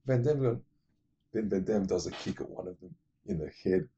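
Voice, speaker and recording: A man's voice: low voice, sing-song, fairly quick, gravelly, dark tone, highs cut off, slight background noise. A man casually retelling a movie plot for his film-ranking vlog, digressive, blunt and profane. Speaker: movie list vlogger.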